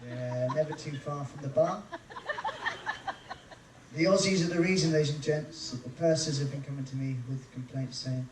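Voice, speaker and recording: A man's voice: fairly high pitch, normal speed, background noise. Chatty man joking on stage, roomy and distant. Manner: chatty, self-mocking jokes between songs. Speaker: cruise ship singer and entertainer. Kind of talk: live singing and stage banter. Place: large room on a cruise ship, live with audience. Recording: echoey, distant live recording with band.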